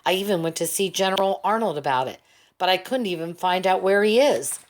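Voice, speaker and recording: A tired, stubborn young soldier talks wearily but will not give an inch, as a woman reads him in an audiobook. His voice sits a little low and plain. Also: a little fast, slight background noise, close to an everyday voice. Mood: weary. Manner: weary and insistent. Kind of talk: audiobook character voice.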